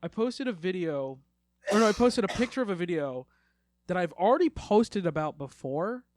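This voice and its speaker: A man's voice: high voice, lively intonation, normal speed, a little hiss or hum. A man co-hosting a podcast in loose, rambling casual chat, swearing now and then. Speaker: podcast co-host.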